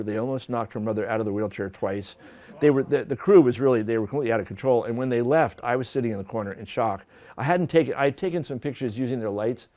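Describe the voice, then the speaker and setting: A man, a photographer, telling stories from his career to an audience in a lively, self-deprecating way with many restarts. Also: medium pitch. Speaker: photographer giving a talk. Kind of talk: storytelling lecture. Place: lecture hall at an art school.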